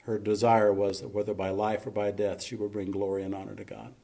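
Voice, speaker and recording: Man, pastor, sermon, gravelly voice, folksy, emphatic, church. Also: lowish voice, flat delivery, a little fast. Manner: folksy preaching, building to loud emphatic peaks. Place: church sanctuary.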